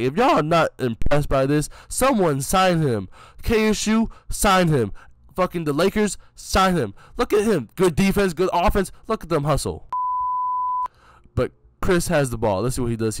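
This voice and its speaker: A man's voice: medium pitch, slight background noise. A young man giving casual, joking play-by-play commentary over his own game footage, hyping a friend and mocking himself.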